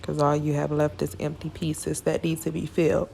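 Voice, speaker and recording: A woman with a low, gravelly voice walks viewers through a braiding tutorial in a relaxed, chatty way. She sounds tired and speaks in a flat, even tone. Faint background noise sits under her voice. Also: moderate pace. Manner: casual, chatty, addresses viewers as y'all. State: tired, yawning. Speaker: hair braider. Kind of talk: hair tutorial talk.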